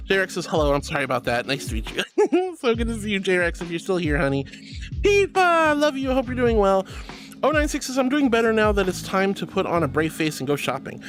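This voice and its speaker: A woman's voice: on the low side, sing-song, quick pace. A woman livestreaming who reads chat messages aloud and answers them in a bubbly, gushing, affectionate way, with squeals and baby talk. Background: faint music.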